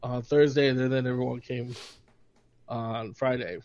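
A man's voice: medium pitch, little pitch movement, moderate pace, a little mellow, highs cut off. A man co-hosting a podcast in casual chat, telling a story with laughs and stammered restarts. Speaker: podcast co-host.

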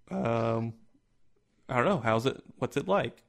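A man's voice: mid-range voice, lively intonation, a little slow, gravelly. A man co-hosting a podcast, swearing freely and cracking jokes in casual chat. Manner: profane, wisecracking. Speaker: podcast co-host.

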